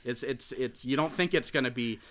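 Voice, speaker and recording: A man's voice: medium pitch, fairly quick, fairly bright tone. A man casually recapping a film plot for a podcast, rambling with many fillers and restarts.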